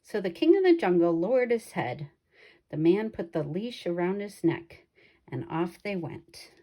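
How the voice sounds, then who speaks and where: Slow, expressive woman reading aloud. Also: lowish voice. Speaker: storybook reader. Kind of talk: children's picture book read-aloud.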